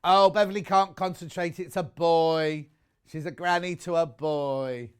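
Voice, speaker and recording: A man's voice: fairly high pitch, steady tone, a little slow, smooth. A man presenting on a live shopping channel, chatty and enthusiastic, rambling into personal asides between prices.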